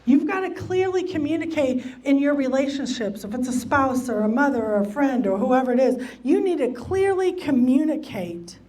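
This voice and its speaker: In a church meeting room, a woman teaches a Bible study lesson on relationships. Her high, animated voice has a darkish tone and moves at a moderate pace with hardly any pauses. She's emphatic, repeating key phrases and acting out what people might say.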